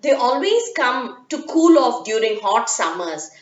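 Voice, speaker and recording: A woman voicing kindly elderly grandparents who speak gently and soothingly. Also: a little high, sing-song, unhurried. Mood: reassuring. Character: kindly, reassuring old grandparents. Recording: echoey, dull lo-fi room.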